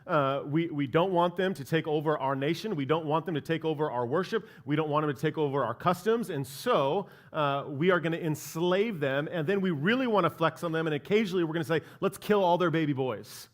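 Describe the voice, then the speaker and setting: A man's voice: on the high side, brisk, hardly any pauses. A man preaching a sermon as pastor of a church, talking in a casual, conversational way and often checking in with "right?". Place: church sanctuary.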